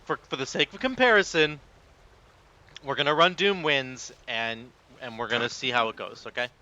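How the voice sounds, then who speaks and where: A man giving excited, self-mocking live commentary while playing a game. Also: medium pitch, normal speed, dull audio. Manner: animated, exclamatory, self-mocking. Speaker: gaming content creator.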